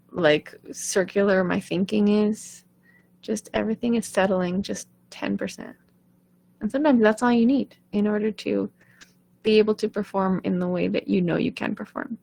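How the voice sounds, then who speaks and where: A woman's voice: medium pitch, gravelly, a little mellow. A woman singing coach giving an earnest, conversational talk in a live online session, often checking in with "right?".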